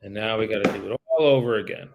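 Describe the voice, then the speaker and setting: A man's voice: on the low side, fast talker, gravelly, noisy background. A man working as a real estate broker, talking casually to viewers between calls and switching to a polite, formal voice when he is on the phone. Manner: casual, swears when frustrated. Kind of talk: livestreamed cold calling with commentary.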